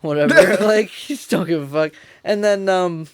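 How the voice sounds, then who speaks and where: A young podcast co-host tells a rambling, profane story, laughing a lot along the way in casual storytelling. His high voice moves at a moderate pace with a clean tone, and the studio-quality recording has no room sound.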